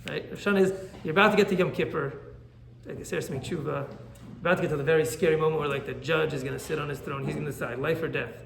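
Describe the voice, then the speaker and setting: Rabbi guy teaching a class, talks really fast, gravelly, roomy echo. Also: a little high, a little hiss or hum. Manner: animated, asks "right?" often. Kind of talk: Torah class.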